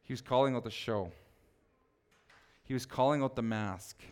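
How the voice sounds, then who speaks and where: A man preaching a sermon as pastor, animated and teasing, chatting with his congregation. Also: mid-range voice, normal speed, clean tone.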